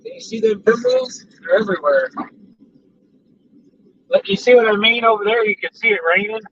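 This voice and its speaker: Driving down a highway, a man vlogs in a rambling, chatty way, telling stories and making small talk. He has a high, slightly bright voice that swoops wildly in pitch, at an ordinary pace. Road noise fills the distant, dull car recording.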